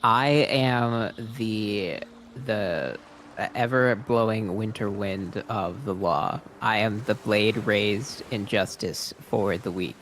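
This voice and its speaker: A man's voice: fairly low pitch, a bit bright, a little hiss or hum. A man voicing a short, pompous male half-elf who solemnly proclaims himself the blade of the law. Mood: grandiose. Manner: grandiose, slow and solemn declamation.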